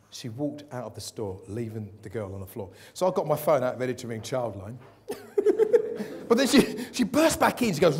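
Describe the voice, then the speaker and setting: A man's voice: a little high, sing-song, quick pace. A man giving a motivational keynote talk to a live audience, jokey and quizzing the crowd with questions. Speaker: keynote speaker. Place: event hall with an audience.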